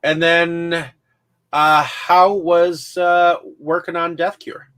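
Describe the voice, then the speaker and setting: A man's voice: fairly high pitch, little pitch movement, slow pace, fairly bright tone, smooth. A man hosting an interview, asking questions hesitantly with many fillers, set back from the mic. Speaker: interview host.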